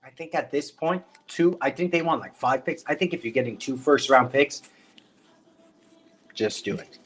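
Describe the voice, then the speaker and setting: A man's voice: medium pitch, normal speed, fairly bright tone, slightly rough. A man from Iran with a Midwestern American accent, co-hosting casual sports talk and hedging his opinions. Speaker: co-host.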